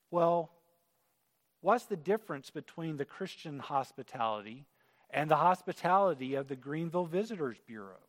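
A man's voice: fairly high pitch, lively intonation, moderate pace. A man preaching a sermon in an auditorium, earnest and conversational. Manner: earnest, conversational, with acted quotes. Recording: reverberant hall.

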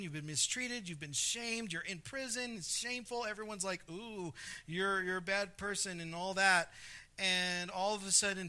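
Male pastor, sermon, high voice, very bright tone, conversational, emphatic scripture reading. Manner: conversational preaching, reads scripture with emphasis, frequent restarts.

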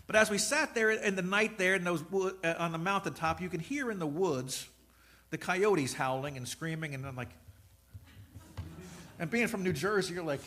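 A middle-aged man preaching a sermon, telling stories and swinging between loud emphasis and soft asides. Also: sits high, normal speed, a little hiss or hum. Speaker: pastor.

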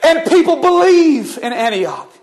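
A man's voice: extremely high pitch, sing-song, a little slow. A male pastor delivering a sermon, retelling scripture as a vivid, flowing story.

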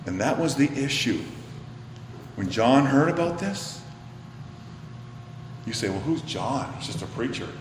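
A man preaching a sermon, swinging from loud emphatic bursts to hushed, whispered lines. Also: medium pitch, animated, measured pace, long pauses, noisy background. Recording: echoey hall, faint ambience.

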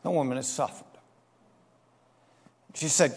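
A man preaching a sermon as pastor, emphatic and slowing down to stress key phrases. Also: on the high side. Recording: long hall reverb.

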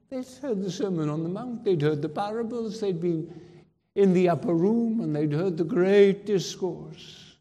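Slow, dark-voiced preacher in a reverberant hall. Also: male voice, a little high. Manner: emphatic, rhetorical questions and repetitions. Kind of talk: sermon.

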